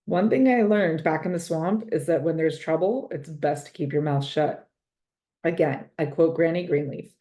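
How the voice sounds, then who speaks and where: A woman narrating a children's storybook in a lowish, mellow voice. She reads expressively and stretches words out for effect. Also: normal speed. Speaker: storybook reader.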